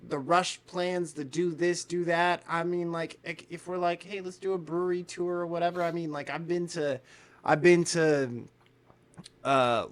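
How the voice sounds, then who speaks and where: A man co-hosting a podcast in casual chat, telling animated stories, acting out quotes and swearing freely. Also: on the high side. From United States. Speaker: podcast co-host.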